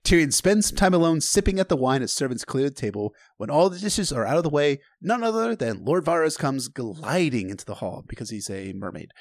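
Snarky guy recapping a book, swears a lot, lively pitch, dry close sound. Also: a little fast, few pauses, no echo. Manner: sarcastic, profane and joking. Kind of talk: casual recap with read-aloud quotes.

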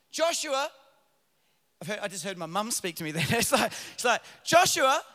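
A middle-aged pastor delivers a sermon in a high, sharp, forceful voice. He swings from loud emphatic calls to quiet, low passages. A long church-hall reverb trails behind every word. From Australia. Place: large church auditorium.

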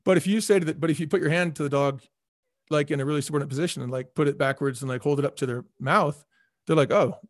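A middle-aged former restaurant chain CEO, appearing as a podcast guest, tells stories in a fairly high voice at a quick pace. He's energetic and acts out the voices he quotes, in studio-quality audio with no room sound.

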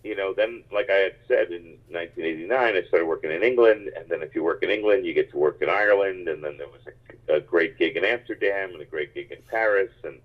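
A man who grew up in the United States, a stand-up comedian telling rambling, animated stories in a casual interview. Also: low-pitched, fast talker. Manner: animated, rambling anecdotes with many restarts. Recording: tinny phone-like line.

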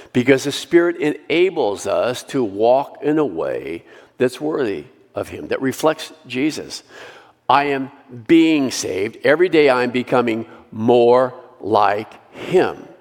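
Speaking at medium pitch in a large hall, a male preacher earnestly guides his congregation in repeated declarations. When he reaches scripture, his voice sinks to a hush.

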